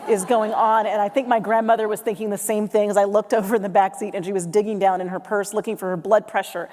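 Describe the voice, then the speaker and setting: A woman giving a motivational keynote, telling a lively story and acting out her family's voices. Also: medium pitch, fast. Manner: animated storyteller, acts out family voices, laughs along. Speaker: keynote speaker. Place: large hall with live audience. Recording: long hall reverb.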